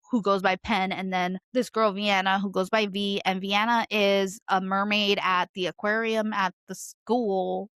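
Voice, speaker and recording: A young woman chats through a book review, swearing often and ranting with animated energy. Her voice sits at a middling pitch, and the recording is dry and close, with no room sound. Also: no echo. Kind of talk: casual book review chat.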